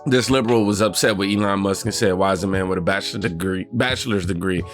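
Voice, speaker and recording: A man hosting a news reaction video, sarcastic and animated, laughing often as he comments on clips. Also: low-pitched, fast talker, faint music behind.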